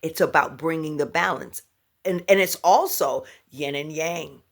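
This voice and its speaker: A middle-aged woman and spiritual speaker giving a motivational vlog talk, animated, laughing often and dropping into whispers. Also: low-pitched, unhurried.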